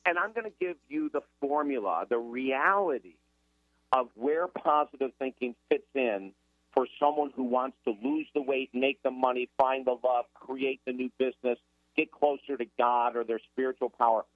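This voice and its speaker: A man, a guest author in a radio interview, talking in an emphatic, energetic motivational way. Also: mid-range voice, normal speed, no echo. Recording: tinny phone line.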